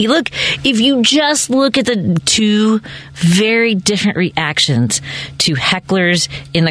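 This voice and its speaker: A talk radio host with a low, fairly bright voice keeps things chatty and conversational, laughing and acting out short quoted phone calls.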